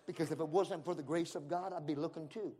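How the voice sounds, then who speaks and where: A male pastor from Central California preaching a sermon, calling out to the room and repeating his lines as he builds to shouts. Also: on the high side, steady tone, fast. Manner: calls to the room and repeats himself.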